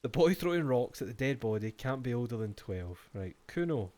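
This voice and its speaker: A man's voice: medium pitch, very animated, normal speed, a little mellow. Male streamer, casual, reads game text aloud, salty asides. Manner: profane, laughing asides between read-outs.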